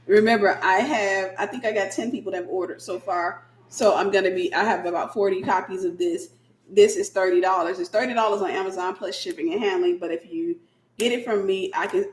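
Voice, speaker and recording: A woman minister hosting a casual late-night livestream, a sleepy, animated storyteller. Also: medium pitch, roomy sound. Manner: animated storyteller who acts out quoted voices.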